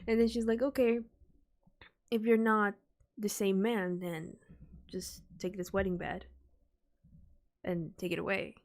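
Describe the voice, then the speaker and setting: Slow-talking young woman streamer. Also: medium pitch, flat delivery. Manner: rambling, many fillers, soft sighs. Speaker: streamer reacting to music. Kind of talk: casual reaction chat.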